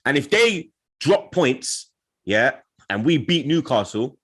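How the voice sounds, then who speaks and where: A man's voice: mid-range voice, very animated, slow, fairly bright tone, slightly rough. A young man, hosting a football podcast and trash-talking rival fans in heated, laughing banter.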